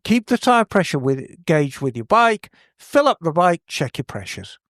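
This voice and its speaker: A man's voice: fairly high pitch, sing-song, a little slow, fairly bright tone, no echo, studio quality. A man, co-hosting a podcast, giving chatty, emphatic advice. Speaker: podcast co-host. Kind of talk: casual chat.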